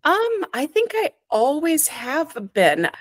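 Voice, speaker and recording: A woman's voice: slow, dry recording. A woman author, reading her own fiction expressively over a video call from home, then chatting. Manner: expressive reader with sharp rises in pitch on dialogue. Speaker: author and guest. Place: home with a cat.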